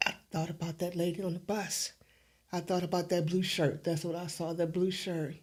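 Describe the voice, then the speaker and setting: A middle-aged woman, an interview guest, telling her story in an animated way and acting out the dialogue. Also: on the low side, normal speed.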